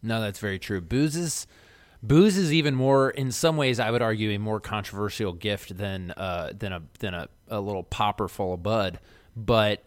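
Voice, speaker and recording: Easygoing low-voiced man. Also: normal speed, dry recording. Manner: easygoing, upbeat, many fillers. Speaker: podcast co-host. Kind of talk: casual chat.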